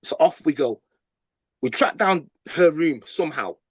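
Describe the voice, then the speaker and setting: Husky man telling a story. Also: fairly high pitch, dry recording. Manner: animated storytelling with quick repeats and acted-out quotes. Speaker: podcast guest. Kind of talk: storytelling interview.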